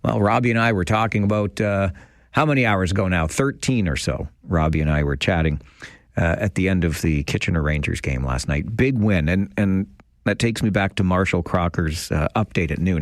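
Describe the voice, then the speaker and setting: A man's voice: sits low, moderate pace, no room sound, studio quality. A man hosting a radio call-in show, playful and teasing as he chats with callers. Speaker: radio talk show host.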